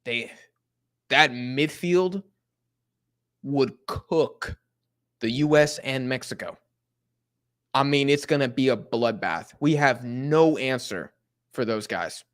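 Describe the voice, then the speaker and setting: Speaking slowly with long pauses in a mid-range voice, a young American guy chats on a live soccer watch-along. He reads out the chat in loose, animated slang.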